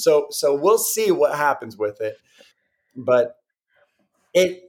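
A man co-hosting a podcast, telling a story in casual chat and acting out what other people said. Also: medium pitch. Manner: animated storyteller who acts out other people's words. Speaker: podcast co-host.

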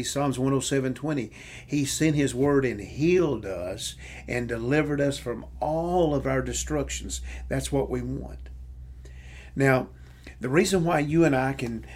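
A man preaching a sermon, reading scripture aloud and repeating phrases with slow, deliberate emphasis. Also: medium pitch.

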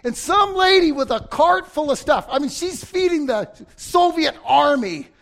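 Dramatic preacher man, shouts then hushes. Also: very high voice, animated, normal speed, gravelly. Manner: dramatic, swings from shouting to near-whispers; acts out story voices with humor. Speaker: pastor. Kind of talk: sermon.

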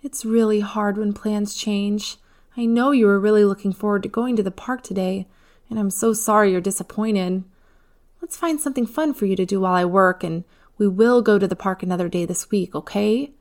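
A woman voicing a kind, patient mother who speaks gently and reassuringly. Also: mid-range voice, moderate pace, close to an everyday voice. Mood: soothing.

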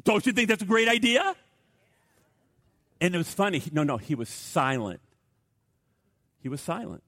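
Animated older male pastor preaching. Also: high voice, normal speed, dry recording. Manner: animated storytelling, swinging from loud emphasis to hushed tones. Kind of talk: sermon.

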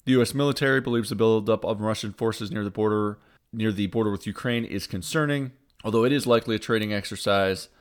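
A man hosting a satirical news roundup in a deadpan, newsreader style with wry asides. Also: fairly low pitch, fast, clear, resonant tone. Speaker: host.

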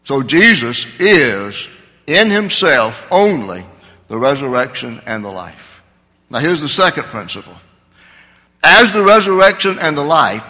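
A man preaching a sermon as a pastor, earnest, slowing down to stress key words. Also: medium pitch, sharp tone, big-room sound. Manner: earnest preaching with slow emphatic stresses and fillers.

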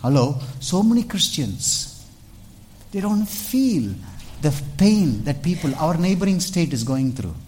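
A man preaching a sermon to a church congregation, animated and calling out to the crowd. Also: a little high, a little slow, a little hiss or hum. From India. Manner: animated, calls out "Hello?" to the congregation, dramatic shifts in loudness. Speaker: pastor.

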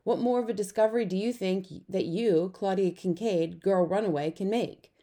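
A woman's voice: mid-range voice, normal speed, dark tone, natural voice. A woman doing a practical young boy. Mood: impatient. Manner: matter-of-fact, teasing.

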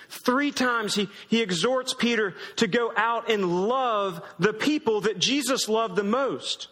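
A man's voice: sits high, lively intonation, takes it slowly, fairly bright tone. A man pastor preaching a sermon in a conversational, emphatic way. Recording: long hall reverb.

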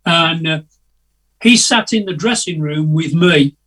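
An older man spins rambling, chatty anecdotes over a video call. his voice sits a touch high and comes out husky and slightly distant from the mic. he hesitates a lot and laughs along at his own stories. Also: measured pace, fairly bright tone. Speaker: guest musician. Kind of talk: casual anecdotal storytelling.

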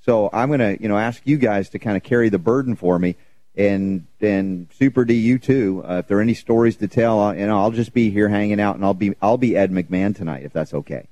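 A man's voice: fairly low pitch, fairly quick, warm tone, no room sound. A man hosting a radio talk show in casual chat, tired and worn out from travel, talking loosely and laughing often.

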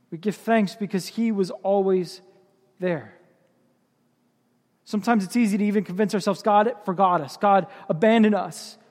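A man's voice: high voice, big-room sound. A man preaching a sermon as pastor, with impassioned, building emphasis.

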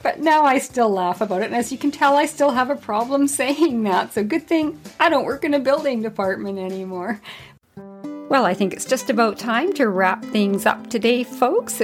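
A middle-aged woman hosting her own podcast, telling a workplace story in a casual way and often laughing as she goes. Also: on the high side. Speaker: podcast host.

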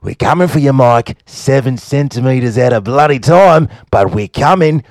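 A man's voice: moderate pace, darkish tone, no echo, natural voice. A man doing a jokey mock Australian bloke. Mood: mock-indignant. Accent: put-on Australian. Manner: exaggerated, raised pitch.

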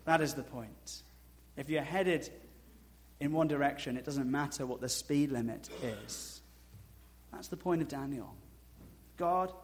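A male pastor with a slightly higher voice gives a sermon in a conversational style marked by dry humor. He shifts from slow, soft emphasis to loud, high asides.

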